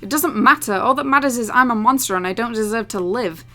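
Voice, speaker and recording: A guilt-ridden young man who wants to die , read by a woman. He speaks quietly and evasively, resigned, with a bright, firm tone. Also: fairly high pitch, fast, faint music behind.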